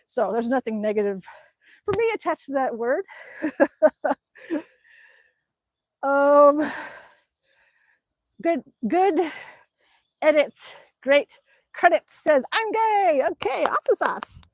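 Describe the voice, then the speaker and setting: A woman's voice: high voice, animated, slow, pauses often, no echo. An older woman chatting on a home live stream while pedalling an exercise bike, laughing often and cooing at her dog. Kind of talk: casual live-stream chat reading comments. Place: at home, indoors.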